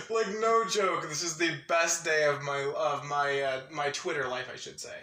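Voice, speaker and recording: Bright, giggly guy vlogging, voice a bit high, recorded in a roomy space off-mic. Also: moderate pace, few pauses, far from the mic. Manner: excitable, laughs often, restarts sentences. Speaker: anime vlogger. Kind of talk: casual rambling monologue.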